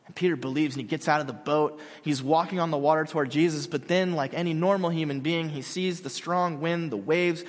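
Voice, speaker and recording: A man preaching a sermon, telling a story with lively acted-out quotes that swing between loud calls and hushed words. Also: on the high side, brisk, few pauses, long reverb tail. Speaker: pastor.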